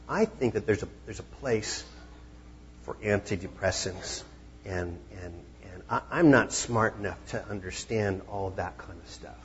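A man's voice: fairly low pitch, muffled recording, slight background noise. A man preaching a conversational sermon as pastor, now and then acting out the disciples. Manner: conversational, acts out voices of the disciples.

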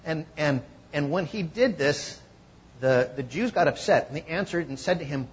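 A man preaching a conversational sermon, teaching from scripture and acting out quoted voices with lively emphasis. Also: a little high, moderate pace, breathy edge, highs cut off. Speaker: pastor.

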